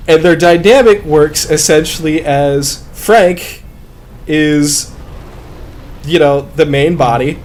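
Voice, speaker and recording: A man's voice: fairly high pitch, slow, darkish tone. A man chatting casually while playing a game, rambling and swearing with many fillers into a close desk mic. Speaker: gamer and podcast host.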